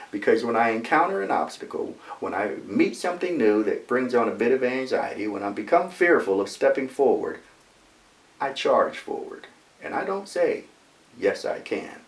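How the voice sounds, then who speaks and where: Man in his sixties telling a story in a roomy hall. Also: medium pitch. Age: 60s. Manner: animated storyteller with emphatic repetition. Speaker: motivational speaker. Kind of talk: personal storytelling speech. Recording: roomy echo, mic far off.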